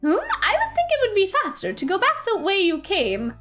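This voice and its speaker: A woman's voice: very high voice, wildly swooping pitch, brisk, hardly any pauses, fairly bright tone. A young woman streaming a game, reading the dialogue aloud and breaking into gushing, laughing fan reactions. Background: faint game music.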